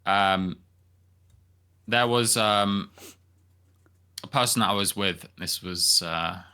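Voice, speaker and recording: A young man co-hosting a podcast, speaking gently and hesitantly, often repeating his words. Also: lowish voice, slow pace, clear, resonant tone. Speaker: podcast co-host. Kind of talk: casual podcast chat.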